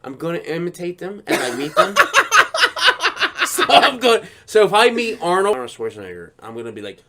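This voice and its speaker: A man's voice: sits high, sing-song, a little fast, pushed and bright. A man hosting a podcast, telling jokes in casual, profane chat and laughing often. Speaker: podcast host.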